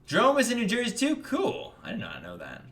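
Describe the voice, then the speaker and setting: A man's voice: huge pitch swings, brisk, fairly bright tone. A young man from the United States with a standard American accent, chatting casually on a livestream and reading out donations. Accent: General American. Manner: upbeat, jumps in pitch when greeting chatters. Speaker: livestream host.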